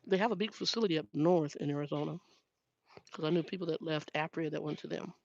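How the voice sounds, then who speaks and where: She speaks fast in a low, creaky, somewhat mellow voice: an older woman who drives trucks, casually chatting with live viewers. Frank and exasperated, she restarts sentences often, and the audio is dry, dull and lo-fi.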